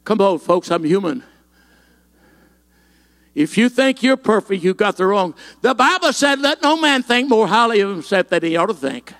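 A man's voice: high-pitched, animated, normal speed, fairly bright tone. A man pastor, preaching a fervent sermon and stringing phrases together with rhythmic "uh" fillers.

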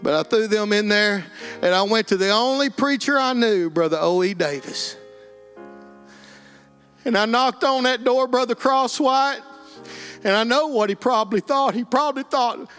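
A guest giving emotional personal testimony, this middle-aged Texan with an East Texas accent recounts his life earnestly and plainly. His pitch is extremely high, his tone a bit bright, and his pace moderate, with faint music behind him.

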